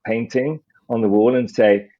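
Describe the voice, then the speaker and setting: A man speaking as a podcast guest, measured and philosophical, slowing down to stress ideas. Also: medium pitch, fairly even intonation, dark tone. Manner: measured, philosophical, slows down for emphasis. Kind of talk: reflective interview talk. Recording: muffled lo-fi audio.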